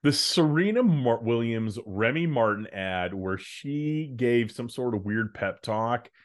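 A man's voice: medium pitch, expressive, slow. A man co-hosting a podcast, chatting casually and giving jokey, opinionated takes. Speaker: podcast co-host.

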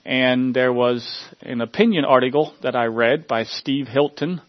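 Man, pastor, earnest sermon, halting with fillers, dry dull sound. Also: mid-range voice, no room sound. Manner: earnest, halting, repeats words with many uh fillers. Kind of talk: sermon with opening prayer.

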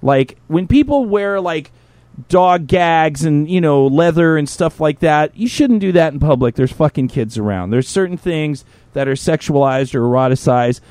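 A man hosting a podcast, telling stories in a profane, animated casual chat. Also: on the high side, normal speed, no room sound. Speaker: podcast host.

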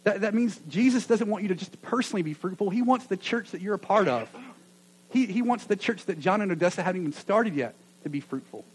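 A man preaching a sermon to a gathering of churches, earnest and full of stammered restarts, rising loud then dropping to a near hush. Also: high-pitched, expressive, fast, slightly rough, low-quality recording. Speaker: pastor.

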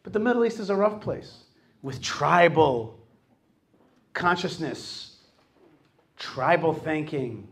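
Male host, fairly high voice, animated delivery, jokes with a live crowd in a hall. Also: takes it slowly, pauses often. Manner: animated, jokes with the audience and acts out quoted voices. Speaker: host giving a talk to a live audience. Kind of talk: lively public talk.

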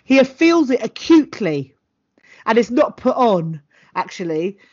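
A woman co-hosting a podcast, telling a story in an animated, chatty way over a home mic on a call. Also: a little high, unhurried, slightly rough, highs cut off. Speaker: podcast co-host. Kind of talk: casual chat. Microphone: home mic on a video call.

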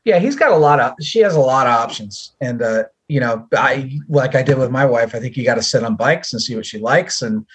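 A man co-hosting a casual podcast chat, easygoing and quick to chime in. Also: medium pitch, expressive, husky. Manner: easygoing, quick agreeable interjections. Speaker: podcast co-host.

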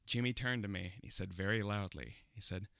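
A man's voice: fairly low pitch, brisk, vocal fry, no room sound, clean studio sound. Laughing man telling a comic story. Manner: animated, laughing often, builds comic tension. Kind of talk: personal storytelling to an audience.

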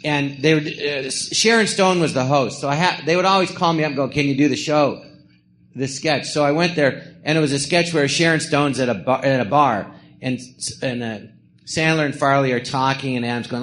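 On a theatre stage before an audience, a middle-aged man tells rambling stories for a live podcast, slipping into quoted voices between laughs. His mid-range voice is a bit bright and moves at a moderate pace.

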